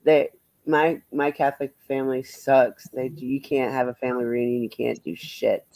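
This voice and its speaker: A man's voice: medium pitch, little pitch movement, normal speed, gravelly, a little mellow, dry recording, poor audio. Blunt, profane man livestreaming. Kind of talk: casual livestream chat answering viewers.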